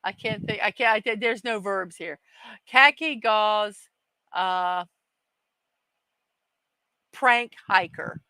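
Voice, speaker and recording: A medium-pitched woman with a sharp, clear, resonant tone takes it slowly and pauses often. On her daily morning livestream she reads comments aloud, laughs a lot and makes fun of herself in casual chat; there's no echo but the recording is rough.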